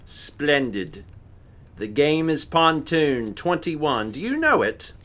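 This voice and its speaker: A man's voice: a little high, sing-song, takes it slowly, a bit bright, exaggerated voice. Guy doing a jolly gossipy brit gent, posh put-on accent, chatty and bouncy. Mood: brisk. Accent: put-on British. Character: chipper British gentleman passenger, cheerful and gossipy.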